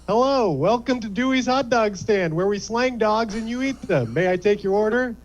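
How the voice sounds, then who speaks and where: A man voicing a chirpy fast-food cashier who recites customer-service patter. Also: high-pitched, lively intonation, voice pushed up, poor audio. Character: cheerful male hot dog stand cashier.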